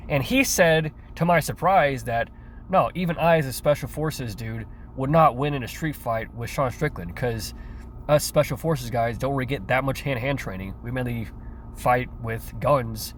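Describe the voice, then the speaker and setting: A man's voice: medium pitch, a little hiss or hum. Sarcastic, profane ranting man. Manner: sarcastic, profane, stammering restarts. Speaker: commentary youtuber. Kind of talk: ranting reaction commentary.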